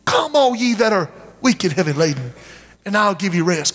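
A man's voice: high voice, very animated, moderate pace, fairly bright tone. A man preaching a revival sermon in a church, pleading and repeating his calls to step forward. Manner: impassioned, repetitive pleading calls. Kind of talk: revival sermon with altar call. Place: church sanctuary. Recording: long reverb of a church hall.

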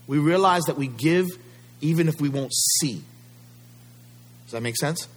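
Sex: man. Role: pastor. Style: sermon. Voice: husky, a bit high. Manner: emphatic, rhetorical questions. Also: measured pace.

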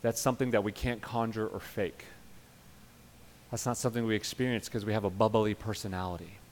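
A male pastor preaching a sermon, emphatic, swinging from loud urging to quiet earnest passages. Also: on the low side, fairly even intonation, fairly quick, long reverb tail, a little hiss or hum.

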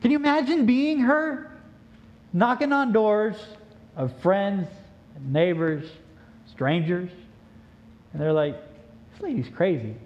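A male preacher telling a story in a sermon, animated and joking, on a dull lo-fi recording. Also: high voice, takes it slowly, pauses often, a little hiss or hum.

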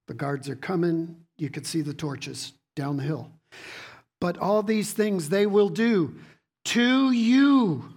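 In a sermon to his congregation, a preacher reads scripture aloud and asks rhetorical questions, teaching and repeating words along the way. The voice sits at medium pitch, with a darkish tone and a breathy edge.

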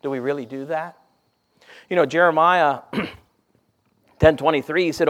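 A man's voice: a little high, normal speed. Man preaching a sermon with questions. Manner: asks the congregation repeated questions, swings from hushed to loud; reads King James scripture aloud with rising intensity.

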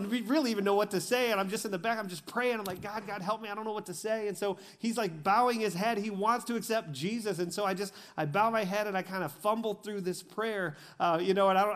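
Pastor, male, from Michigan, sermon delivery, slightly high voice, animated storyteller. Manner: storytelling, acts out dialogue, builds to emphatic peaks then quiet intensity.

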